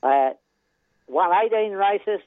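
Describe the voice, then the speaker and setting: A man's voice: high voice, expressive, takes it slowly, smooth. An older Australian man, a retired horse trainer, telling rambling racing stories with chuckles and a constant "yeah". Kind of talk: casual storytelling interview. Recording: tinny phone line.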